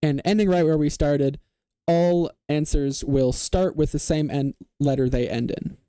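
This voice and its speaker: A man hosting a casual online quiz game, reading clues aloud and confirming answers with a quick "yes, sir". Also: a little high, warm tone, clear, resonant tone, no room sound. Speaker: quiz show host.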